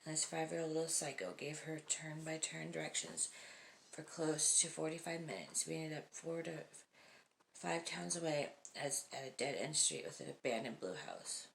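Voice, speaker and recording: A woman hosting a video, reading short stories aloud and breaking off for casual comments and soft, whispered asides. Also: sits low, moderate pace, gravelly, slight background noise. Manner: laughs often and drops to whispered asides. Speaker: host.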